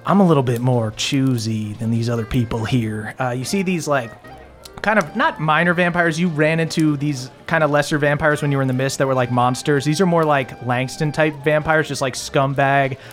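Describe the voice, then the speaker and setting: A man narrating a tabletop game as game master, relaxed and full of fillers. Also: medium pitch, moderate pace, soft background music.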